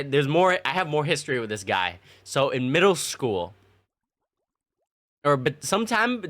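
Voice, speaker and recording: A young man streaming, casually telling his chat childhood stories in a slangy, laughing way. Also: on the high side. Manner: animated, laughing, slangy storytelling with many restarts.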